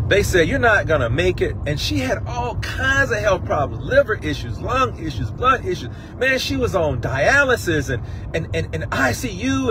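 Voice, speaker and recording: A man's voice: high voice, sing-song, normal speed, sharp tone. Preacher guy, emotional, swoops all over, bit of street noise. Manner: impassioned, emotional preaching with singing and repetition. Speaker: pastor. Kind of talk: sermon. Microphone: livestream phone mic.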